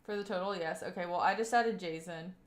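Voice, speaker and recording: A woman's voice: on the low side, brisk. A young woman from Kentucky, livestreaming and chatting with her viewers in a rambling way full of fillers. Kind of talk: casual stream chat, reading chat aloud. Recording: roomy echoey home room.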